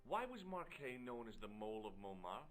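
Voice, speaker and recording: An actor playing a curious young adventurer in a video game, asking questions in a wry, inquisitive way. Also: male voice, mid-range voice, very animated, fairly quick, fairly bright tone, soft background music. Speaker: game protagonist.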